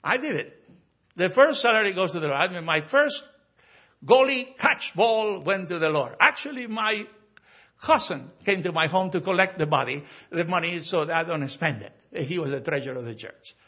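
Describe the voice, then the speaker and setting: A man from South America preaches a sermon, reading scripture in a slow, lifted voice and then breaking into quick, broken-English asides and stories. His voice sits high and bright with a husky grain. The recording is muffled and lo-fi. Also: animated. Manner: non-native grammar and frequent restarts. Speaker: pastor.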